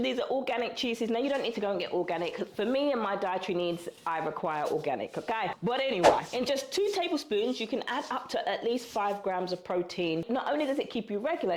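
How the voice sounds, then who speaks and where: A woman from the UK talking casually to camera in a cooking vlog, chatty and animated, calling viewers girl and baby. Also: mid-range voice. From United Kingdom. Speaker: vlogger. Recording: roomy echo.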